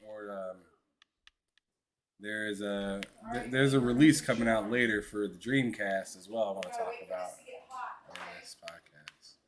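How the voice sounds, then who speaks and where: A man's voice: lowish voice, fairly even intonation, unhurried, a crowd in the background. A man co-hosting a casual gaming podcast, joking and teasing, often stumbling over his words. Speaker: podcast co-host.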